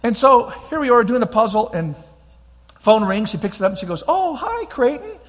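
Husky-voiced pastor preaching in a reverberant hall. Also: male voice, high voice, a little fast, fairly bright tone. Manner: emphatic, repeats key lines, frequent restarts. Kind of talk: sermon with personal storytelling. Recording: long reverb of a large hall.

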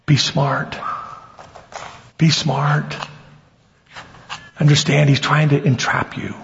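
High-voiced preacher in a reverberant hall. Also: male voice. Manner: animated preaching, acts out voices, swings from loud to soft. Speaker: pastor. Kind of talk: sermon. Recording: dull lo-fi sound with long hall reverb.

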